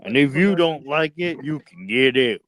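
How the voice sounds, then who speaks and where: A man voicing a gruff, proud American man in a slow, exaggerated drawl. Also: mid-range voice, expressive, a bit bright, no room sound, natural voice. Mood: boastful.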